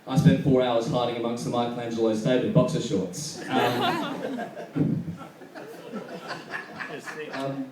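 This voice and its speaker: A young Australian man doing a self-deprecating stand-up comedy set with deadpan jokes. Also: mid-range voice, takes it slowly, long pauses, background noise. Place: comedy venue with live audience. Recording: echoey room mic'd from a distance, crowd laughter.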